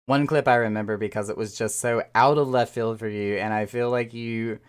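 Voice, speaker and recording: With a smooth, medium-pitched voice, a game streamer chats casually and excitedly with viewers, laughing often. They repeat words and trail off as they search for what to say.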